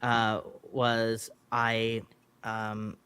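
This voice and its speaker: A man's voice: on the low side, completely flat delivery, sharp tone, smooth. Rambling, laughing male voice actor. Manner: rambling, halting, laughs often. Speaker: guest voice actor. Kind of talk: casual chat. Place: home studio.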